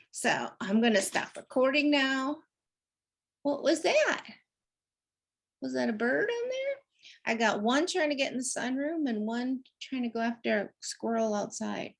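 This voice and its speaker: A woman's voice: sits high, animated, unhurried, creaky, pauses often. A middle-aged woman hosting an animal messages show, telling stories in a chatty way and laughing often. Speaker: animal communicator host. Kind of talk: casual chat.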